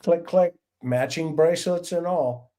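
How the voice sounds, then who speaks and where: On a relaxed livestream, this retired cop and podcast host, a middle-aged man, shares animated tales from his police career and voices the characters himself. He sounds a little high and talks a little slowly.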